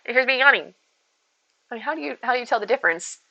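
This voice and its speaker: Chatty woman streamer, bright voice. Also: fairly high pitch, lively intonation, racing, creaky, rough recording. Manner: chatty, rambling, talks to chat by name. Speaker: game streamer. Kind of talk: casual live-stream chat while gaming.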